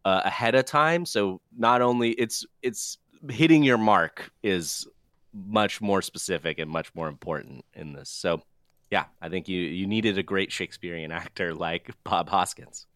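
Male co-host, low smooth voice, relaxed chat, dry mic. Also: measured pace, dry recording. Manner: easygoing, frequent fillers. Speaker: podcast co-host. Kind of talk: casual chat.

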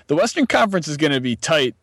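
A man's voice: on the high side, sing-song, fast, a bit bright, no echo. A man co-hosting a basketball podcast, chatting casually with plenty of hesitations and fillers. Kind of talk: casual sports chat.

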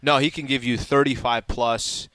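Mid-pitched man hosting sports talk. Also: moderate pace, no room sound. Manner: animated, argues basketball points. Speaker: host. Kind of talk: casual sports radio talk.

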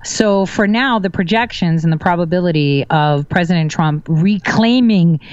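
A woman's voice: fairly low pitch, normal speed, a little mellow, clear, resonant tone, dry recording, highs cut off. A woman guest on a casual political talk show, speaking assertively and making confident predictions. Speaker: guest commentator.

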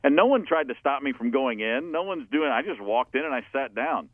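A man, a musician guest, telling an anecdote in a loose, animated way, swearing often and laughing at himself. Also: mid-range voice, fairly quick, no echo. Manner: animated, profane storyteller who laughs at himself. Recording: tinny phone-like dry sound.

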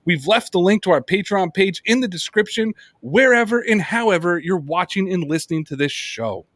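A man hosting a sports podcast, telling stories in a casual, profane, animated way. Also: high-pitched, moderate pace, dry recording. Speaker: podcast host.

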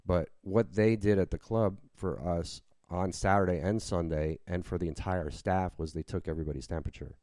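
A man with a deep voice talks in a loose, rambling way, circling back and restarting his sentences. His tone is dark and mellow, and the recording is dry and close, with no room sound. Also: moderate pace, few pauses, no room sound. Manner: rambling, with many restarts and fillers. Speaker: podcast host and working cover-band musician. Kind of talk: casual conversation.

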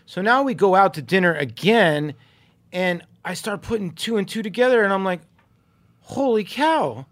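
Animated storytelling guy, dry close mic. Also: sits high, normal speed, no room sound. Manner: animated, acts out quoted voices, many ums. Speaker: podcast co-host, former baseball player. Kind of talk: casual storytelling.

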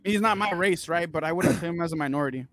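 A man's voice: on the high side, quick pace, a bit bright. A man co-hosting a sports podcast, indignant and swearing in casual banter. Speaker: podcast co-host.

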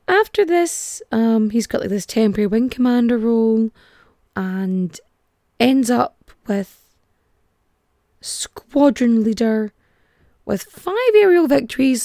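A woman hosting a casual history podcast, chatty and irreverent, full of filler words and cheerful swearing. Her voice sits fairly high and swoops a lot, with a gravelly fry, recorded close and dry. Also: expressive, slow pace, long pauses, dark tone, dry recording. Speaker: podcast host.

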